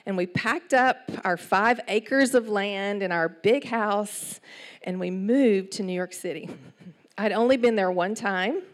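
A middle-aged woman with an East Texas accent, preaching a sermon in an animated storytelling way with asides. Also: medium pitch, slow pace. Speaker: church speaker.

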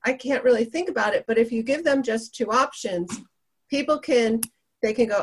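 A woman's voice: a little high, animated, moderate pace, husky. A woman hosting, recapping her guest's points with upbeat enthusiasm. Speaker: podcast host.

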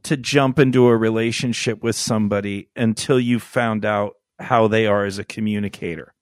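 A man's voice: on the low side, fairly even intonation, normal speed, smooth, dry recording, clean studio sound. Profane, rambling male podcast co-host. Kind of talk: casual crude podcast banter.

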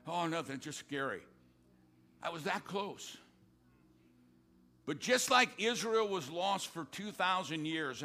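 An older male pastor preaching a sermon, swinging between loud exhortation and hushed storytelling. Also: on the high side, expressive, slow, pauses often.

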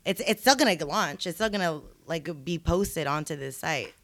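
A woman with a bright, forward voice and a fairly low pitch, talking in loose, slangy casual chat. The sound is dry and close. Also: animated, no echo. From San Francisco. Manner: loose, slangy, drawn-out storytelling. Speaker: podcast co-host.

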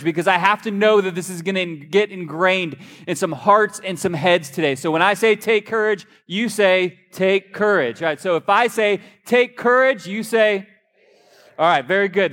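A higher-voiced man preaches a sermon, telling stories with an easy, joking manner. His voice rings out with a long hall reverb, as in a large church. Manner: lively, joking storyteller. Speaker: pastor.

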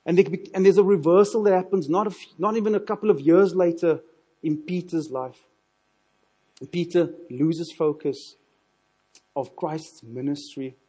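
Husky preacher, dark tone. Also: male voice, medium pitch. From South Africa. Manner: earnest, repeats words when building a point. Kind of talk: sermon.

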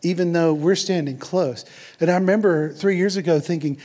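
Earnest preaching man, fairly high voice. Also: moderate pace, a little mellow. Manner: earnest, conversational preaching with asides. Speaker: pastor. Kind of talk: sermon.

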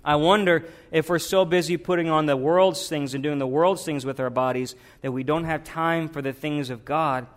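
A man's voice: on the high side, steady tone, moderate pace, hardly any pauses. A male pastor, preaching a sermon to his church with rising emphasis and repeated prayers.

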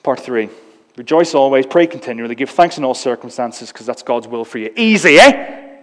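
A man preaching a sermon in a church, lively and conversational, acting out quotes in changing voices with touches of humor. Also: mid-range voice, moderate pace. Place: church hall. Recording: long reverb of a church hall.

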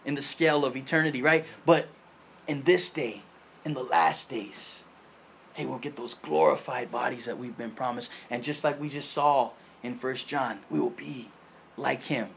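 A man preaching a sermon, animated and slangy, acting out the people in the passage in loud bursts. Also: medium pitch, normal speed, creaky, slight background noise. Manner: animated preacher with slangy asides, voicing crowds and Jesus in louder bursts. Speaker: pastor.

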